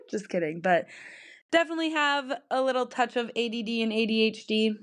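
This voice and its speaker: A woman's voice: fairly high pitch, normal speed. Chatty young woman rambling on her podcast. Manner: rambling, chatty, laughs often. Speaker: podcast host. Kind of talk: casual solo podcast chat.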